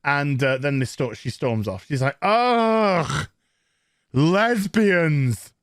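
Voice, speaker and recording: A man's voice: medium pitch, steady tone, moderate pace, no echo, clean studio sound. A man with a Northern English accent recapping a TV episode in a crude, mocking rant, putting on silly voices for the characters. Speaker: TV show reviewer.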